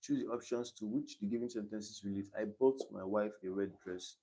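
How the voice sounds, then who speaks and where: Young Nigerian male tutor with a slightly low voice, repeats his points, patient and step by step on a live stream. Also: fairly quick, warm tone, husky. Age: young adult. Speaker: online exam tutor.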